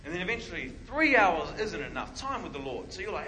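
A man preaching a sermon, telling a story in an animated way and acting out what people said. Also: sits high, a little fast, rough recording. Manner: animated storytelling with acted-out quotes.

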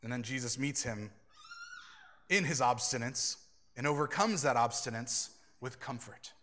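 A man preaching a sermon as pastor, earnest and animated, acting out quoted lines and laughing now and then. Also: mid-range voice, measured pace.

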